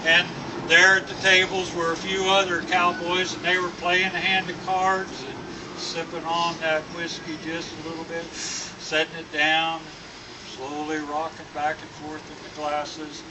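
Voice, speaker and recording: A man slowly telling a long cowboy joke as a storyteller. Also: fairly high pitch, completely flat delivery, far from the mic, background noise. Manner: slow, drawn-out storytelling. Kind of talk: telling a tall-tale joke.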